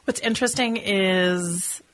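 A woman's voice: mid-range voice, takes it slowly, a bit bright, a little hiss or hum. A woman from Minneapolis co-hosting a podcast, chatting in an upbeat, gushing way. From Minneapolis, USA. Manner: upbeat, laughs often, gushing. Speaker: co-host. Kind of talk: casual chat.

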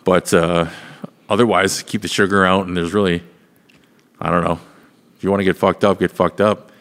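A man's voice: deep voice, level tone, normal speed, fairly bright tone. A man hosting a podcast, talking casually and at length, rambling and swearing as he explains things. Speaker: podcast host. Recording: long hall reverb.

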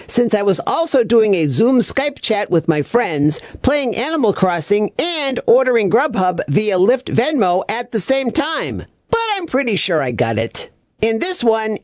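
Clueless male reviewer, voiced by a woman: chirpy, lively sing-song pitch, dry close sound, absent-minded babble. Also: no room sound. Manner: chirpy, absent-minded, malapropisms and doubled words. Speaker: comedic reviewer. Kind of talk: scripted comedy monologue.

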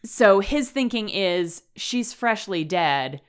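A woman's voice: mid-range voice, animated, slow, smooth. A woman co-hosting a podcast, chatting casually about a horror novel with dry asides and laughter. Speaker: podcast co-host. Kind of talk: casual book discussion.

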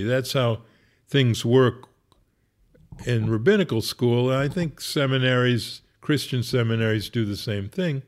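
A man who is a rabbi, wryly telling a humorous personal story in a conversational way. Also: medium pitch. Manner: wry, conversational, laughs at his own story.

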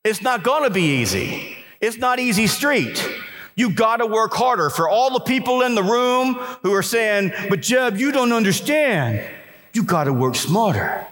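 A man giving an energetic motivational speech to a live audience in a conference hall, telling stories and urging listeners to work hard. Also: sits high, normal speed, soft background music. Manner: energetic storytelling with repeated restarts and emphatic exhortations. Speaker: motivational keynote speaker.

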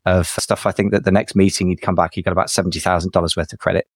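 Male co-host, rapid chatty delivery, very deep register. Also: flat delivery, no echo, studio quality. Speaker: podcast co-host, business adviser. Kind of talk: casual podcast conversation.

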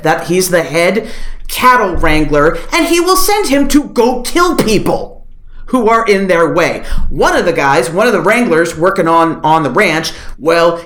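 A woman podcast host talking in casual chat, recapping with sarcasm and a lot of profanity. Her voice swoops up and down with lively energy, and the sound rings a bit in a roomy, echoey space. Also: lowish voice. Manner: animated, sarcastic, profane storytelling. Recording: roomy echo.

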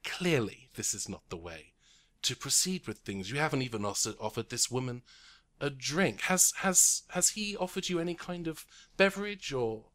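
A man voicing a gracious, shrewd woman prime minister of an alien council in a tabletop game, speaking softly and courteously. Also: medium pitch, animated, normal speed, voice pushed up, natural voice. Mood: coaxing.

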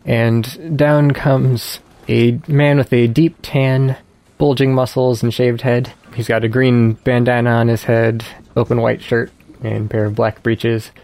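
Gravelly-voiced man narrating as game master. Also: medium pitch, measured pace. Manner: descriptive, relaxed narration.

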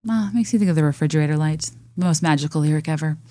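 A woman's voice: deep voice, fast, few pauses, mellow, dry recording, studio quality. A young woman talking casually about songs, musing and hesitant with many fillers, reading lyrics aloud. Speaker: music vlogger reacting to songs.

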